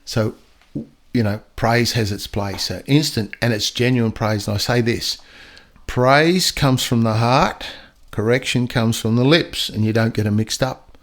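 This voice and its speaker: An older man, chatting casually as a podcast guest, acting out dogs and people in quick little voices. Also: medium pitch. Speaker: podcast guest storyteller and dog trainer. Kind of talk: casual chat.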